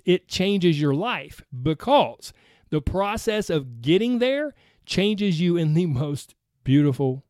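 A man with a Southern accent delivers an earnest, chatty podcast monologue as a coach. His voice sits high for a man, and it is recorded dry and close with no room around it. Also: darkish tone, no room sound. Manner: earnest, conversational, frequent "right?". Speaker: podcast host and weight-loss coach.

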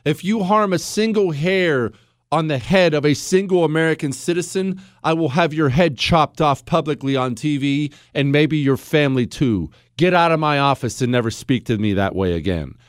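A man's voice: a little high, moderate pace, smooth, no echo, studio quality, lightly acted. A man playing a ruthless, commanding strongman. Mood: menacing. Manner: growling threats, commanding. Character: ruthless male superpower leader, menacing.

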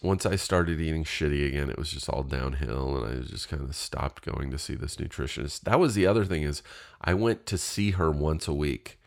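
A man with an extremely low, deep voice tells a rambling personal story in a casual, animated way. He swears freely and acts out both sides of his phone calls. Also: normal speed, vocal fry.

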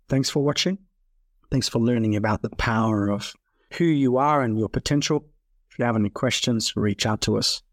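A man hosting a wellness podcast, giving an earnest motivational presentation with repeated phrases and soft, slowed emphasis. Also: lowish voice, no room sound. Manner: earnest, repetitive, slow soft emphasis on key lines.

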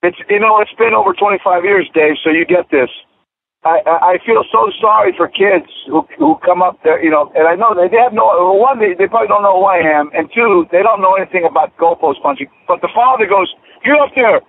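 A former football player in his fifties tells animated stories, stumbling and restarting as he goes. His voice sits fairly high with a gravelly edge. The audio is thin and tinny, like a radio phone line. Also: a little fast, no room sound. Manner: animated, many restarts and fillers. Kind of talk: casual radio interview storytelling.

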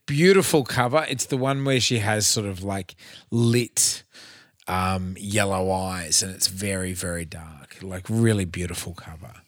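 A man's voice: low-pitched, unhurried, no room sound, clean studio sound. A man with an Australian accent co-hosting a podcast in casual chat, loose and upbeat, a little tipsy. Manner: loose, chatty, upbeat plugs. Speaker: podcast co-host.

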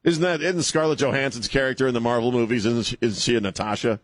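A male talk radio host talks quickly at medium pitch with fairly even intonation, recorded dry and clean in a studio. His casual banter rambles and turns sarcastic, and he laughs at his own jokes.

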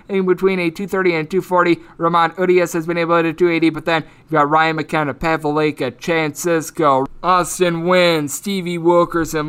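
Fast, bright-voiced man reeling off stats. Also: fairly high pitch, smooth. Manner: rapid-fire stat rundown, blunt opinions. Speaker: sports betting podcast host. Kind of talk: solo betting analysis podcast.

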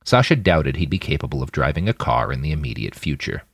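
A man narrating a thriller audiobook in an expressive, dramatic manner. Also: extremely low pitch, fast, breathy edge, no echo, studio quality. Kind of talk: scripted narration.

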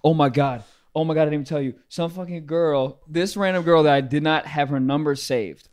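A young man hosting a casual podcast chat, animated, swooping up high when he quotes people. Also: brisk. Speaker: podcast host.

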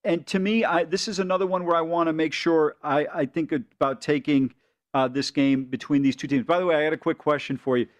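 A man with a slightly higher voice talks sports bets at a rapid clip. He stammers through quick restarts and keeps the chat lively and casual. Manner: fast, animated, stammering restarts. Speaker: sports betting co-host.

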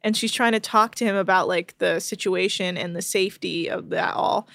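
A woman hosting a podcast, recapping a show in a chatty, rapid storytelling way with plenty of fillers, close to the mic. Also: mid-range voice, fairly even intonation, vocal fry, fairly bright tone, no echo. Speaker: podcast host.

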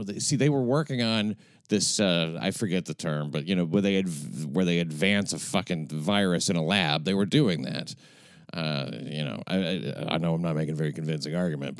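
A man's voice: low-pitched, normal speed, clean tone, dry recording, studio quality. An older man with a New York accent, hosting a podcast and ranting crudely and sarcastically in a casual chat. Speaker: podcast host.

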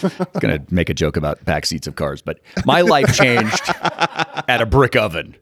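A man in his fifties from Utah, telling animated stories as a guest in an interview and acting out the people in them. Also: on the low side, normal speed, no echo, clean studio sound. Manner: animated, acts out quotes in the story. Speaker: guest, fund manager. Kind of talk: storytelling interview.

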